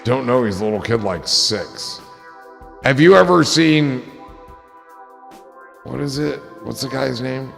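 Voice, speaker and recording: A man's voice: mid-range voice, unhurried, creaky, fairly bright tone, big-room sound, faint music behind, a faint crowd. A man chatting casually on a livestream, joking and rambling and swearing freely.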